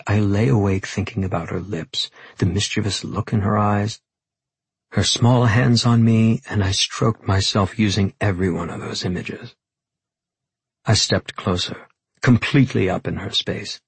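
Audiobook narrator, male, low-voiced, husky, intimate first-person reading. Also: dry recording.

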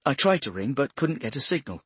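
Man putting on a calm woman detective, polite, measured, raised pitch, husky. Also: no echo, full character voice. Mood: placating. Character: composed female detective inspector, diplomatic.

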